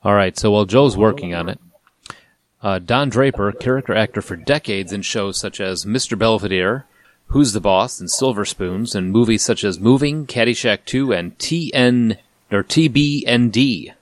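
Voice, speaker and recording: A man's voice: lowish voice, normal speed, dry recording, clean studio sound. A man co-hosting a podcast in laid-back casual chat, moving the segments along. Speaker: podcast co-host.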